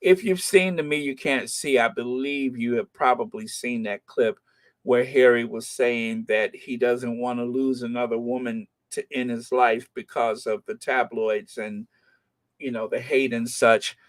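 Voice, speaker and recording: A man's voice: medium pitch, steady tone, unhurried. A middle-aged American man hosting a royal news channel, chatting in a rambling, joking way with many fillers. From United States. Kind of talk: casual commentary.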